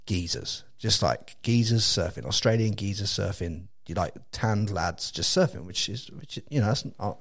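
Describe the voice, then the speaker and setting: An English man in his thirties tells a story on a podcast, his voice sitting fairly low. He talks in bursts, laughs through his own lines, swears casually and keeps calling the listener mate. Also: lively intonation, normal speed, creaky, few pauses. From England. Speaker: podcast host.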